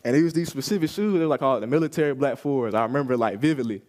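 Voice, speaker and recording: A man's voice: medium pitch, racing, darkish tone. A young man giving a personal testimony at a youth service, telling his story casually and acting out what people said.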